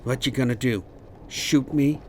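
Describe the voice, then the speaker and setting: A man's voice: medium pitch, unhurried, slight background noise, lightly acted. Male narrator doing a defiant, sneering young woman prisoner in an audiobook.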